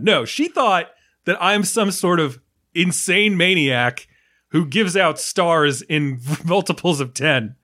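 A man's voice: sits high, unhurried. A man co-hosting a podcast, originally from New York, telling stories in a casual chat and acting out the people he quotes. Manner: animated storyteller, acts out quoted dialogue. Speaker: podcast co-host.

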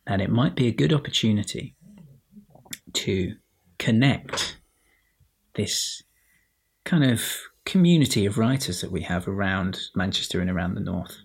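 Bloke rambling into his laptop at home for his podcast, breathy husky voice, kinda low, laughs at himself. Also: expressive, measured pace, long pauses. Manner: self-mocking, rambling with restarts. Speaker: podcast host. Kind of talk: solo casual monologue to listeners.

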